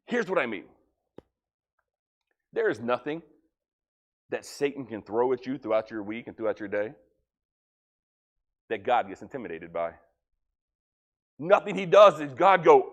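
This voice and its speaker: A pastor preaching a folksy sermon, joking with the congregation and acting out little dialogues. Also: male voice, mid-range voice, very animated, measured pace, pauses often, dull audio.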